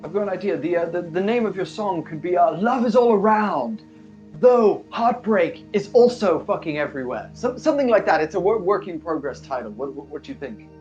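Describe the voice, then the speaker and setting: A man's voice: sits high, animated, brisk, darkish tone, dull audio, faint music behind. Stammering casual man running a tabletop game. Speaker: dungeon master.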